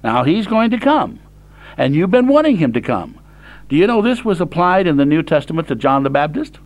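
An older man preaches in a high, lifted voice. He reads scripture slowly and deliberately, then breaks it down in plain, direct words for his listeners. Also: sing-song. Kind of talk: sermon reading and explaining scripture.

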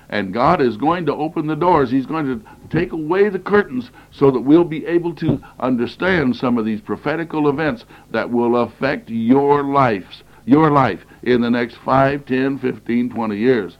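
A man of middle pitch delivers an emphatic lecture on Bible prophecy, hammering points home by repeating phrases. He is getting over the flu and coughs now and then. The sound is muffled and lo-fi, like an old cassette tape. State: recovering from flu, occasional coughing.

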